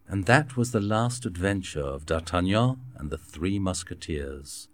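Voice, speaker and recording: A man reading a simplified classic novel aloud in a measured, clear storybook manner. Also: low-pitched, no echo. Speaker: narrator. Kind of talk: scripted narration of a graded reader.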